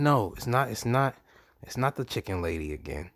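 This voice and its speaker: A man hosting his own podcast in a casual, profane monologue, swinging between low murmurs and loud animated bursts. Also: a little fast, no room sound, studio quality. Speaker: podcast host.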